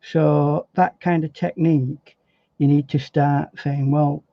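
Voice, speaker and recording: A man talks through a painting demo in a slightly high voice, musing aloud with little repeats as he goes. The recording is dry and a little dull, with no room echo. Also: steady tone, slow pace. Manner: chatty, thinking aloud with fillers and repeats. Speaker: painting instructor. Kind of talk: relaxed painting demonstration.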